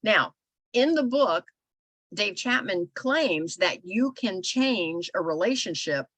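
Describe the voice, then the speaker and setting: A middle-aged woman co-hosting a casual talk show, telling animated stories with lots of filler phrases. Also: mid-range voice, takes it slowly, dry recording. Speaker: podcast co-host. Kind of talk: casual storytelling chat.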